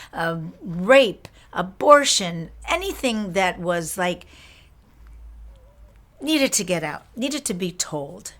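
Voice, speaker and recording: A woman's voice: mid-range voice, fairly bright tone. A woman hosting a storytelling program, introducing a concert in an easy, conversational way. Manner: conversational, with fillers and restarts. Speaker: radio show host. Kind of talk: casual spoken introduction.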